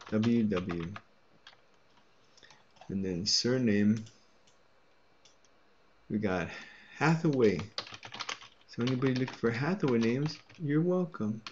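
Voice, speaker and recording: A man's voice: fairly low pitch, noisy background. A man muttering letters and names to himself while he indexes records, with self-deprecating asides. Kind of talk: muttered screen-recording commentary. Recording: muffled audio with loud typing.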